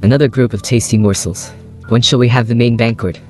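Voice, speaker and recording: A man voicing a savage, hungry vampire's inner beast in a read story, with soft music behind. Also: mid-range voice, fairly even intonation, a little fast, lightly acted. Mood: gloating.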